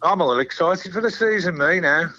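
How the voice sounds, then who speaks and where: A caller on a football phone-in, a man who swears freely and laughs often as he talks. His voice sits a little high and comes through dry and dull, like a phone line. Relaxed, chatty and full of banter. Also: moderate pace, no room sound. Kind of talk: phone-in chat.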